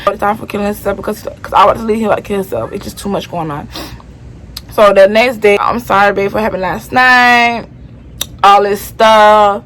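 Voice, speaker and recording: A woman's voice: medium pitch, fairly even intonation, fairly quick, a little hiss or hum, low-quality recording. Young woman telling a chatty story. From Florida. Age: young adult. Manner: chatty, slangy, keeps addressing the viewers. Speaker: vlogger. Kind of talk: casual storytime.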